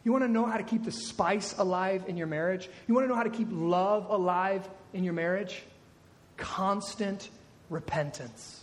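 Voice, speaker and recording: A man with a very high voice preaches to his congregation. He drives each point home and repeats key words to press them in. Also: moderate pace. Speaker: pastor. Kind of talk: sermon.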